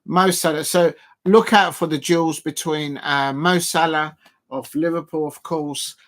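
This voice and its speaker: A man's voice: on the high side, fairly even intonation, measured pace. A man hosting a live football watch-along, chatting loosely to viewers and filling gaps with ums and restarts. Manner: rambling, full of fillers and restarts, talking to chat viewers.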